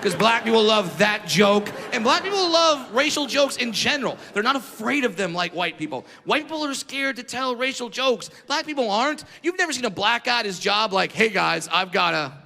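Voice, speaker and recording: A man from Southern California doing a stand-up comedy set on stage, telling stories in a brash, profane, animated way. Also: very high voice, fairly quick, hardly any pauses, in a large hall. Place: comedy stage before an audience. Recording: live set with clear background noise.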